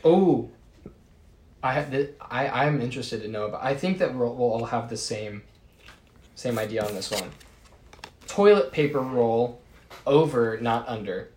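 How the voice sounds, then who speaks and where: A brash young man co-hosting a loose podcast, teasing his guests and swearing freely. His voice sits at an ordinary middle pitch. The room around him is audibly echoey. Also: animated, measured pace, pauses often, a little mellow. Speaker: podcast co-host. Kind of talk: casual chat.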